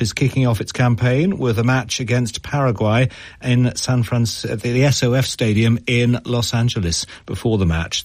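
A man reading a news bulletin in a formal, even delivery. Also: on the low side, no room sound. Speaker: newsreader. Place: studio.

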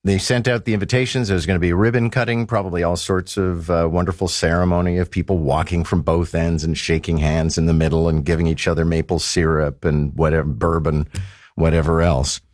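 A man's voice: deep voice, little pitch movement, fairly quick, darkish tone, dry recording, clean studio sound. A man hosting a talk radio show, conversational with wry asides.

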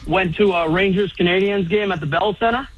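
A man's voice: high voice, brisk, dull audio. A man in his fifties calling in to a radio show and telling an easygoing story. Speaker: caller.

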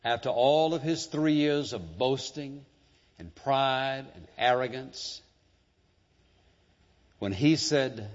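A man delivering a church sermon in a dramatic, emphatic style, dropping to hushed tones and then rising on key words. His voice rings out with a long hall reverb. The recording itself sounds dull and muffled. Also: medium pitch, takes it slowly, long pauses. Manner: emphatic, dramatic preaching with sudden shifts in loudness and pace. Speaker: preacher.

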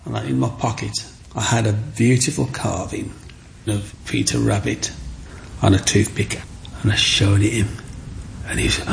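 Gravelly man telling his story. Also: fairly low pitch, steady tone, moderate pace, a little hiss or hum. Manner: acts out the people in his stories. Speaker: interview guest. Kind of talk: personal storytelling.

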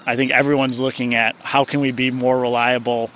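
A man's voice: mid-range voice, flat delivery, a little fast, fairly bright tone, a little hiss or hum. A man who works for a utility, explaining in a matter-of-fact way outdoors on a street. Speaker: utility worker.

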